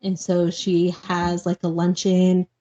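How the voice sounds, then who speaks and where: A woman with a lowish, mellow voice rambles through a novel's plot in casual chat, dropping "like" into nearly every phrase. The audio is dull and lo-fi, like a home podcast recording. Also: completely flat delivery, takes it slowly. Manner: rambling, fills speech with "like". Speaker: book podcast co-host.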